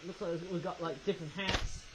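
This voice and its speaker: A casual toy reviewer in a mid-range voice, rambling and chatty and tossing in tag questions. Now and then they break into loud, excited chanting. A faint hum of room noise sits behind them. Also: medium pitch, fairly quick.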